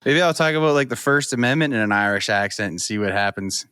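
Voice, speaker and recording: A man co-hosting a comedy podcast, making dry, deadpan jokes. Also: fairly low pitch, quick pace, smooth, dry recording. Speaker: podcast co-host. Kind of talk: casual comedy podcast chat.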